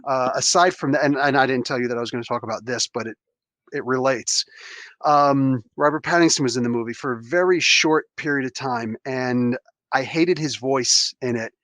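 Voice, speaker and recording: A man's voice: medium pitch, moderate pace, fairly bright tone, no echo. A man hosting a casual podcast chat who rambles with heated, restarting rants. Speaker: podcast host.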